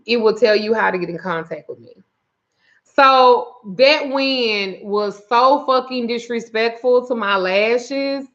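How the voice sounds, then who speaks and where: This woman, a spiritual reader and root worker, speaks slowly in a fairly bright, higher-pitched voice over lo-fi audio. On a casual livestream she tells a profane, exasperated story and greets viewers by reading their names aloud.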